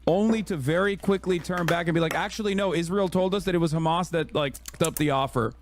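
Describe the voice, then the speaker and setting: Man in a clip, slightly high voice, chatty and incredulous commentary. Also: quick pace, noisy background. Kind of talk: casual political commentary.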